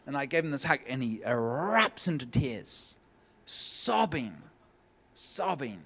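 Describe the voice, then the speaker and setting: A man preaching a sermon, telling a personal story in a lively way and acting out the voices of the people in it, at a church meeting. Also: mid-range voice, slow, vocal fry. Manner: lively, acts out quoted voices. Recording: long hall reverb.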